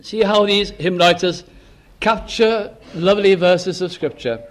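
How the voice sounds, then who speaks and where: Preacher, man, high-pitched, fervent rhythmic sermon delivery. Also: measured pace. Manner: fervent, rising to emphatic repeated cries then dropping to hushed close.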